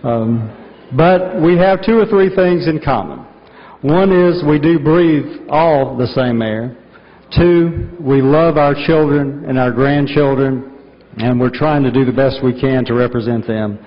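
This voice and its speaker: A man with a clipped North Georgia mountain accent speaks from the floor of a large legislative chamber. He sounds folksy and earnest and pauses often with "uh". His voice rings out with a long reverb, and the broadcast audio is dull. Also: mid-range voice. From North Georgia, USA. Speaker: state senate majority leader. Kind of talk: formal floor address.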